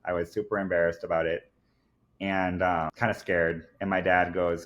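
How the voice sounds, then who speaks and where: His voice sits low, with a flat delivery, a fairly bright tone and a moderate pace. The man, appearing as a podcast guest, tells a personal story in an earnest, emphatic way full of fillers like "like" and "I kid you not."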